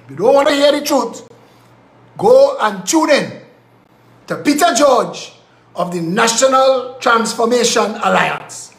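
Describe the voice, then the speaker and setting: Trinidadian male host, very high voice, combative preachy rant, echoey room. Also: lively intonation, unhurried, a bit bright. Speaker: live show host. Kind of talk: political commentary rant.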